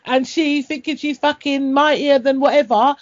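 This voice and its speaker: A woman's voice: high voice, steady tone, normal speed. A woman in a casual chat, blunt and sweary, telling stories with laughs. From Britain. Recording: dull lo-fi audio.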